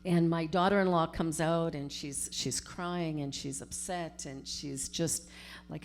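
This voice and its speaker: A middle-aged woman, a minister giving a storytelling sermon in a conversational, animated way. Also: lowish voice, unhurried, a little hiss or hum. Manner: conversational, animated retelling with acted-out quotes.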